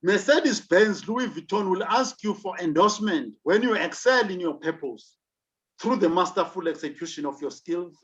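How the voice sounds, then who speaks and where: A South African man delivers a leadership lecture with emphatic, rhetorical questioning. His voice sits a little high for a man. The recording is dull and lo-fi. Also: animated, normal speed, a bit bright.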